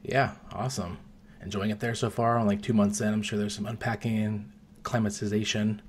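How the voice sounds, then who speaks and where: A man hosts a relaxed interview with a somewhat low voice. He asks questions in a friendly way and laughs along with his guest. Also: fairly quick, slight background noise. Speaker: interview host. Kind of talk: casual interview.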